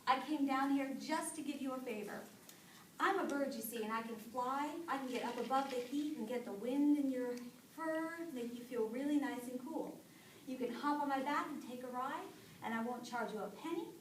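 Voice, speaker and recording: Lady doing a sneaky sweet-talking buzzard guy, highish voice, echoey room. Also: normal speed, distant mic, slight background noise, close to an everyday voice. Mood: sly. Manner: falsely friendly, wheedling. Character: sly smooth-talking male buzzard.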